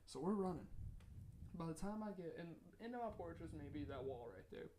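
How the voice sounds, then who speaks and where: A young man from North Carolina who co-hosts a casual podcast, his voice gravelly with a touch of fry. He rambles animatedly through a spooky story and keeps restarting his sentences. A faint hiss of noise sits behind him. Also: a little high, lively intonation, fairly quick, dark tone. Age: young adult. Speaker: podcast co-host.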